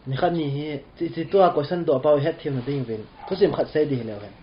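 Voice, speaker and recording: A man interpreting a rabbi's class, talking quickly and trailing off at the ends of phrases. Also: a little high. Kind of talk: rapid spoken translation. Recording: dull lo-fi sound with faint room noise.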